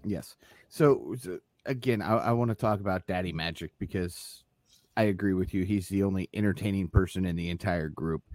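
A man's voice: low voice, normal speed, a little mellow, dry recording. A man co-hosting a podcast, chatting casually and laughing often while looking things up. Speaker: podcast co-host. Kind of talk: casual chat about wrestling.

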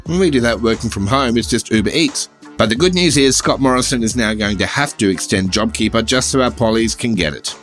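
A man's voice: medium pitch, fairly quick, few pauses, fairly bright tone, soft background music. Wry Australian man hosting a comedy podcast. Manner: sardonic, wry satirical delivery. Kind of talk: scripted comedy monologue.

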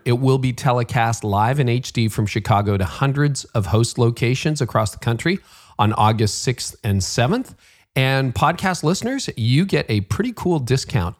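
A Canadian man hosting a leadership podcast, chatty and upbeat, laughing at himself now and then. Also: medium pitch. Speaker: podcast host. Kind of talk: conversational podcast hosting with read ads.

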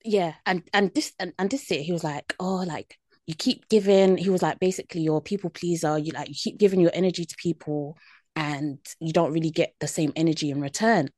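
Podcast co-host, woman in her twenties, lowish voice, dry close sound, unhurried storyteller. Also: fairly even intonation, darkish tone, no echo. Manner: laid-back storytelling, many fillers. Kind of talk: casual chat.

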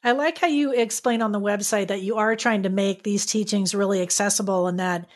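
A woman's voice: mid-range voice, steady tone, fairly quick. Chatty woman host interviewing a guest. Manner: friendly, chatty, affirming questions. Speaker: podcast host. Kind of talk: conversational interview.

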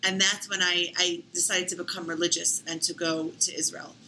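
A woman, telling her story as an interview guest in a lively, talkative way full of "like" and "you know". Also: on the low side, moderate pace, a little hiss or hum, rough recording. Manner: talkative, animated, many fillers like "you know" and "like".

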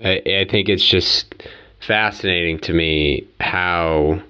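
Co-host: man, low voice, measured and hesitant, muffled recording. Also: sharp tone, clear, resonant tone. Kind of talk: conversational podcast interview.

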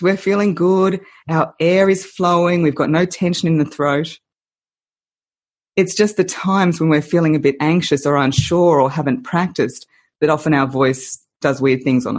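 Husky, expressive woman voice coach. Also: fairly low pitch. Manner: expressive, laughs often, uses playful analogies. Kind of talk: podcast interview.

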